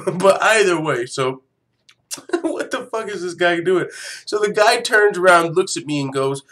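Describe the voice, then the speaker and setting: A man hosting a fight news show in a loose, profane rant. His speaking voice sits a little on the high side. He laughs often and keeps the talk animated. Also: normal speed. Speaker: MMA news show host. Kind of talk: casual commentary rant.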